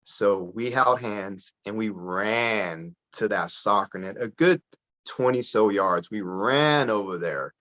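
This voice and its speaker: A man telling a personal story as a guest on a podcast interview, lively and full of restarts. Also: fairly low pitch, slow. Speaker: podcast guest, parent advocate. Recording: dull lo-fi sound.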